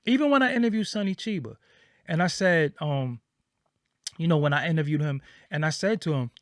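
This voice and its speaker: An interviewer with a somewhat high voice offers casual commentary fairly quickly, speaking emphatically, repeating points for weight and acting out quoted reactions. The sound is dry and close, with no echo.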